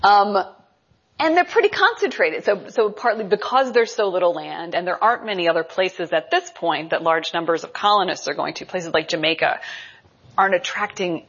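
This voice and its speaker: A woman history lecturer talking through her answers with frequent pauses, fillers and restarts. Her voice is slightly husky and breathy, at an ordinary pitch. The recording is dull and lo-fi. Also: animated, fairly bright tone. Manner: thinks aloud with many ums and restarts. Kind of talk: university lecture with Q&A.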